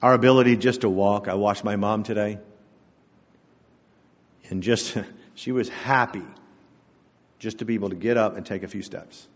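A man's voice: on the low side, steady tone, normal speed, pauses often. A male pastor giving a sermon to his congregation in a church, telling stories in a conversational, humorous way. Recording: echoey church hall.

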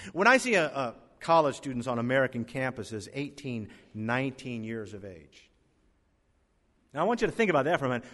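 Man preaching a sermon in a reverberant hall. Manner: emphatic preaching, swinging between loud peaks and hushed lows. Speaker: pastor.

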